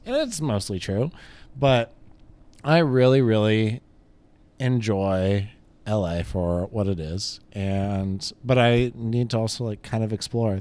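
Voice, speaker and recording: A man's voice: lowish voice, a little mellow. A young man from Los Angeles co-hosting a podcast, telling a rambling story in casual chat and laughing often. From Los Angeles area. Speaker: podcast co-host.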